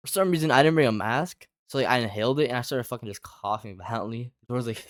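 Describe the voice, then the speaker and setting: Young male storyteller, talks fast and loose with constant fillers and cursing. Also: medium pitch, no room sound, studio quality. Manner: rambling, heavy filler "like", lots of swearing. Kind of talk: casual storytime chat.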